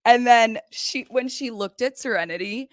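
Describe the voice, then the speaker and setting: A young woman hosting a casual recap show, retelling scenes in a gossipy, animated way. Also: fairly high pitch, moderate pace, no room sound, clean studio sound. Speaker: recap podcast host. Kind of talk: casual chat. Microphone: desk microphone.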